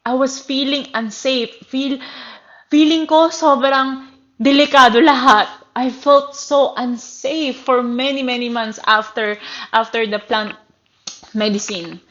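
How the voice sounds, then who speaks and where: A woman's voice: high voice, steady tone, fairly bright tone. Earnest Filipino woman on a muffled livestream. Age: 30s. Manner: earnest, emotional, halting and searching for words. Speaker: livestream host. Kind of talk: personal livestream monologue.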